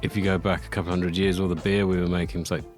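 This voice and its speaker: A man's voice: sits low, flat delivery, fast talker, darkish tone, faint music behind. A man from Scotland, a guest on a podcast, chatting casually with dry, self-deprecating humor. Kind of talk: casual chat.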